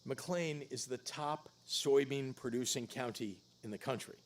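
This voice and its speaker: A middle-aged man delivers a political stump speech at a campaign event, a little slow and emphatic. He rises to loud punches and drops low for the grave points.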